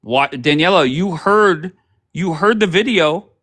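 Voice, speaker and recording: A man's voice: on the high side, measured pace, fairly bright tone. A man hosting a livestream, ranting sarcastically over clips with plenty of swearing. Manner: sarcastic, profane, heated. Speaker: livestream host.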